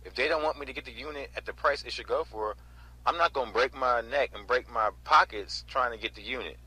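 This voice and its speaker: Young man, twenties, from north carolina, sharp husky voice, lively story vlog. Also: mid-range voice, brisk, rough recording. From North Carolina, USA. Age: 20s. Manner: animated retelling, mimics the auctioneer, keeps asking "right?" and "you know?". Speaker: storage auction reseller.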